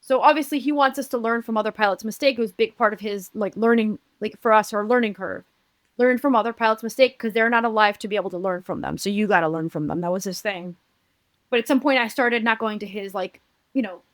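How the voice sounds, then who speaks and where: A woman from Uruguay, a podcast guest, telling a personal story in an earnest, halting way with many restarts. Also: mid-range voice, no echo.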